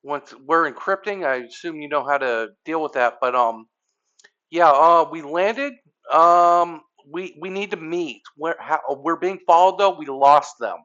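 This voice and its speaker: A man's voice: a little high, measured pace, fairly bright tone. A man playing a tabletop game, casual and thinking aloud, heard over a dull online call. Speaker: player.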